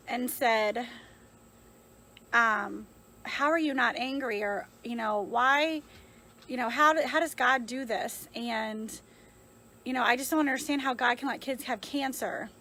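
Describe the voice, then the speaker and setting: A woman's voice: fairly high pitch, a little slow, bright, forceful tone, poor audio. A woman in her thirties speaking earnestly and reflectively into her phone, a mother sharing her story in a heartfelt vlog with lots of fillers. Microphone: phone held in hand.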